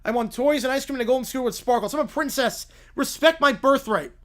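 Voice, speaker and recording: A man doing a shrill bratty princess streamer. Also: fast, fairly bright tone. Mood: whiny. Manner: petulant, demanding, shrill whining. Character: bratty whiny young male streamer calling himself princess. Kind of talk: comic skit read aloud on a livestream.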